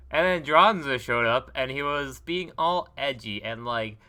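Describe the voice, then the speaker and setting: A man's voice: medium pitch, pushed and bright. A man recapping a tabletop role-playing session in a rambling, joking way, laughing often as he goes. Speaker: player recapping the story. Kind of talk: casual tabletop game recap.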